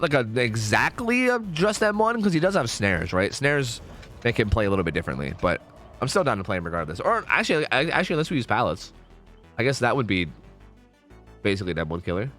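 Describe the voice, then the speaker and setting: A young American man streaming a game, his voice leaping all over in pitch as he chats. He swears freely and talks to chat without pause. Faint music plays under him. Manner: chatty, profane, animated, reads chat aloud. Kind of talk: casual gaming stream chat.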